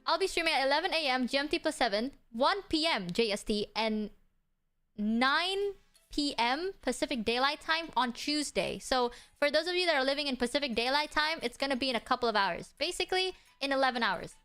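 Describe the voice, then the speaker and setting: Streamer, female, high bright voice, playful and foul-mouthed, faint music behind. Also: lively intonation, a little fast. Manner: playful, swears freely. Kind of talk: casual livestream chat.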